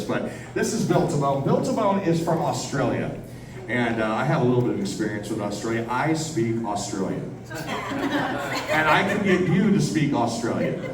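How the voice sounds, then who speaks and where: At a convention hall, an event host introduces a speaker, playfully leading the audience in call-and-response. His medium-pitched voice is animated and fairly quick, recorded from a distance in an echoey hall with a noisy crowd.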